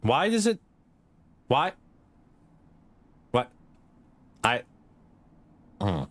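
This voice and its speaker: A man's voice: medium pitch, big pitch swings, drawn-out words, fairly bright tone. A young man streaming a game, joking, laughing and swearing in casual, rambling commentary.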